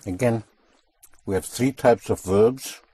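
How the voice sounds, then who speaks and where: A man's voice: on the low side, slow pace, warm tone, breathy edge, no room sound. A man teaching a language class, patiently drilling words and correcting pronunciation.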